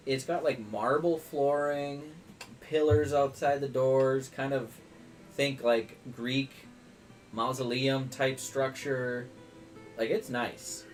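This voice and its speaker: A man runs a tabletop game, describing a tavern in loose, filler-filled narration. His voice sits at a middle pitch. Faint music plays behind him. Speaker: game master.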